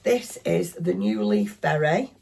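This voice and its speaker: Showing off her knitting to viewers, a middle-aged woman from northwest England rambles in a casual, self-deprecating craft chat, her Northern English accent clear. She speaks slowly in a gravelly, slightly mellow mid-range voice whose pitch swoops wildly, with a little background noise behind her.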